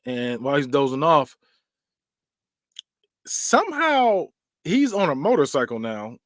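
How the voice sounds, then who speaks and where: A man hosting a podcast, casually recapping film scenes in an animated storytelling way, with vocal sound effects. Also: fairly high pitch, measured pace, no echo, clean studio sound. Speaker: podcast host.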